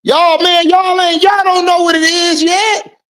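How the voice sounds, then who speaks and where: A livestream host talking casually and loudly, teasing viewers and repeating taunts with bursts of laughter. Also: very high voice, level tone, a little slow. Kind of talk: casual livestream trash talk.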